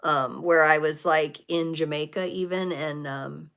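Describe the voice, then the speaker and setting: Brief: middle-aged woman, tarot livestream host, lowish voice, reflective and searching. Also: steady tone, measured pace, creaky, a bit bright, smooth. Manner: reflective, spiritual, with many fillers and restarts. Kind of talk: live tarot reading, casual talk.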